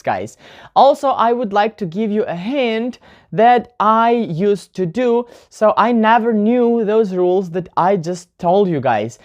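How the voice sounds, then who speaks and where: A woman giving a casual online English pronunciation lesson, chatty and talking straight to viewers, demonstrating word stress aloud. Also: on the low side. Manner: chatty, often addresses viewers as "guys".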